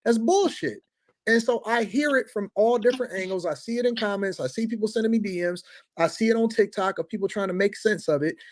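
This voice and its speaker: A man in a heated debate who argues forcefully, interrupts, swears and repeats himself. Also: high voice, a little fast, no echo. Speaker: panel speaker.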